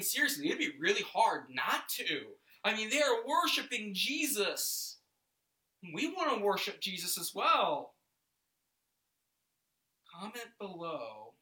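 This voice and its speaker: A man with a high, bright voice reads scripture slowly and then leads a guided reflection, full of questions for the listener. His unhurried delivery rings out in an echoey room. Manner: slow, questioning, invites listeners to imagine. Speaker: devotional video host.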